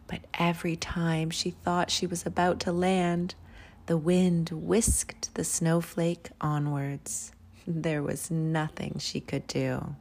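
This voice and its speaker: A woman hosting a children's story channel, reading a picture book aloud in a soft, hushed, soothing way. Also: deep voice, vocal fry, breathy edge. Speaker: storyteller host.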